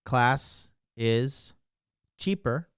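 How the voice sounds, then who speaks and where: A man with a mid-range voice and lively intonation talks very slowly and smoothly, recorded clean in a studio with no echo. He's a dating coach ranting to his livestream chat, brash, boastful and mocking. He drives every point home emphatically, constantly tacking on "okay?".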